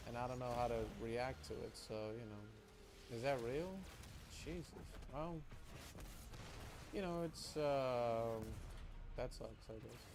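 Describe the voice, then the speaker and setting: A man's voice: mid-range voice, slow, pauses often, background noise. A man streaming casually, rambling and swearing as he talks with chat and trails off mid-thought.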